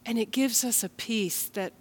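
Woman pastor, gentle storyteller, talks to the listeners directly, children's sermon. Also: a little high, normal speed. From United States.

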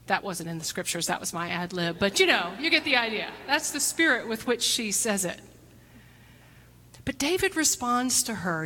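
A woman pastor delivering a reflective sermon, posing questions to the congregation and sometimes dropping to a hushed near-whisper. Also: mid-range voice, big pitch swings, normal speed, slight background noise. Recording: long hall reverb.

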